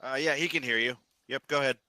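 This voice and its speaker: A man running a tabletop game as dungeon master, easygoing and quick with his rulings. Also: mid-range voice, sharp tone, no room sound, rough recording.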